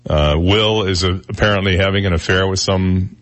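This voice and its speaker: Man, radio talk host, low voice, casual joking chat, studio mic. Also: fairly even intonation, normal speed, fairly bright tone. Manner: joking, chuckles at own jokes. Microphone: studio microphone.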